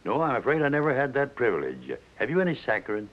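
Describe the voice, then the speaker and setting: A man's voice: medium pitch, wildly swooping pitch, fast talker. A man playing a polite, formal older company president in a 1950s film. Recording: dull old film soundtrack.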